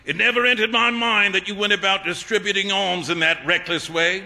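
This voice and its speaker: A man reading a story aloud and voicing a jovial upper-class painter who teases and laughs loudly. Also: steady tone, brisk, gravelly, long reverb tail, heavily acted. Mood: amused teasing. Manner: booming, mocking, bursts of laughter.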